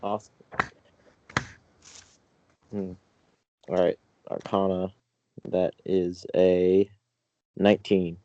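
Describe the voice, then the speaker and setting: Low-voiced man playing a tabletop game. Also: flat delivery, slow, pauses often, dark tone, dry recording, highs cut off. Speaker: player. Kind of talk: casual game chat.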